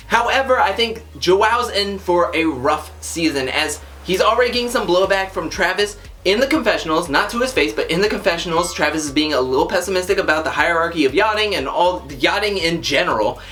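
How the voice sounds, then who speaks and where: A woman's voice: medium pitch, a bit bright. A woman giving a chatty, gossipy recap of a TV episode, retelling scenes in a casual way and quoting the people in them. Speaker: TV recap host.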